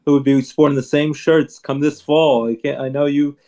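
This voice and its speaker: A man's voice: a little high, little pitch movement, moderate pace, mellow. A man, a sportscaster, telling jokey stories in casual chat. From Bronx family, lived in Scranton. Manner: chatty storyteller, jokey. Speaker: sportscaster guest. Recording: echoey room, far from mic.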